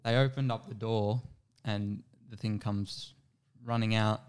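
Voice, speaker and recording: A man's voice: lowish voice, steady tone, measured pace, darkish tone, clean tone. A man in casual chat, easygoing and often laughing.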